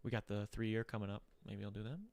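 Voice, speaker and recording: A man hosts a laid-back podcast and talks quickly, with a smooth, clear voice. He rambles through stories with plenty of fillers, and the studio mic sounds close and dry. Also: fairly low pitch, flat delivery, darkish tone, no room sound. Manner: loose, rambling storytelling with many fillers. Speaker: podcast host. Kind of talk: casual chat.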